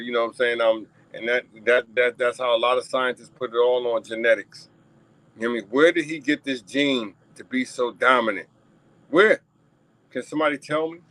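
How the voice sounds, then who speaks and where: A man hosts his own talk show, speaking in an emphatic, repetitive way straight to his viewers. His voice sits at a middle pitch for a man. The sound is dry and close, with no room echo. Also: fairly bright tone. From New York. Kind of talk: casual solo commentary.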